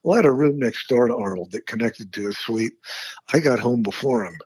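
A man who is a stunt performer, telling lively, laughing anecdotes and slipping into impressions during a radio interview. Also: mid-range voice, fairly quick, breathy edge, no echo, rough recording. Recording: dry radio studio.

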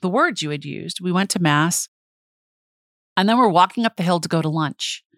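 A middle-aged woman co-hosting a podcast, telling a personal story in casual chat with an excitable, fast way of talking and frequent laughter. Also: lowish voice, dry recording, clean studio sound. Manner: laughs often while telling stories. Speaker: podcast co-host.

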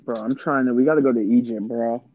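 Young dude shooting the breeze, says bro a lot, dry slightly muffled mic. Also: male voice, mid-range voice, steady tone, fast, no room sound. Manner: slangy, swears freely, calls everyone bro. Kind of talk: casual chat with friends.

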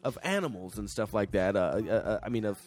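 A man's voice: lowish voice, expressive, fairly quick, a little mellow, soft background music. A man co-hosting a casual chat, rambling with lots of fillers and restarts. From United States. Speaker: podcast co-host.

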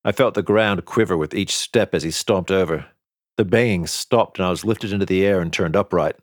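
Brief: male audiobook narrator, deep voice, dry close recording, steady first-person telling. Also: brisk, no echo.

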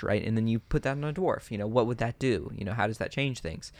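This podcast co-host has a mid-range, slightly mellow male voice and speaks briskly with hardly any pauses. Chatting loosely about fantasy worlds for tabletop games, he uses lots of fillers and restarts, with no room sound.

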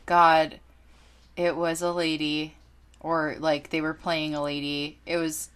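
A woman's voice: low voice, little pitch movement, takes it slowly, a bit bright, clean tone. A woman co-hosting a podcast in casual chat, hesitant and searching for words. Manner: hesitant, many fillers and restarts. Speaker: podcast co-host.

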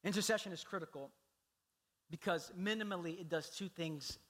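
A male pastor preaching a sermon, telling the story with animated delivery. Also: sits high, normal speed. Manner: animated storytelling, acts out voices.

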